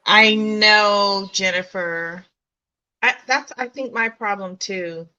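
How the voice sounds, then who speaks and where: A woman's voice: medium pitch, takes it slowly, sharp tone, clear, resonant tone, no room sound, muffled recording. A woman co-hosting a casual beading livestream, reading out viewer comments and chatting with her co-hosts. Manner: friendly, reads out viewer comments. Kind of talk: casual chat.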